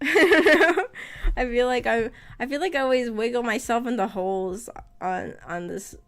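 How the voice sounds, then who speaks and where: Giggly woman streamer, a bit hoarse. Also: fairly high pitch, a little slow, fairly bright tone. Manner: rambling, giggly, often breaks into laughter. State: slightly rough voice after illness. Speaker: VTuber streamer. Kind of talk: casual live-stream chat.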